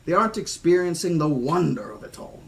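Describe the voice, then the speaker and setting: A man voicing an aggrieved older park owner, slow and emphatic. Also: on the high side, big pitch swings. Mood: indignant.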